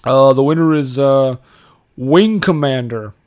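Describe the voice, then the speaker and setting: A man impersonating a male action star who is loud, confrontational and fakes an American accent. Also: medium pitch, fairly even intonation, normal speed, lightly acted. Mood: brash.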